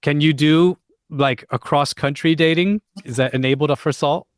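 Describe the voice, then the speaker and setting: A man's voice: a little high, moderate pace, slight background noise. Upbeat man hosting an audio chat. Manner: upbeat and encouraging. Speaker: host of an audio chat room. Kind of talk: casual chat, moderating.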